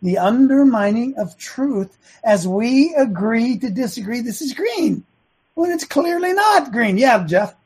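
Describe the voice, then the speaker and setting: A man with a husky, breathy voice holds forth on a talk show mic. He preaches his views in a string of quick rhetorical questions, often stumbling and restarting mid-sentence. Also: extremely high pitch, lively intonation, a little mellow, poor audio. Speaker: host and coach. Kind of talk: opinionated talk show monologue.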